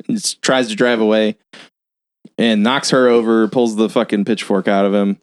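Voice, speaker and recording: A man's voice: on the low side, flat delivery, normal speed, smooth, no echo, clean studio sound. A man on a film podcast recapping a plot in a loose, profane, filler-heavy way.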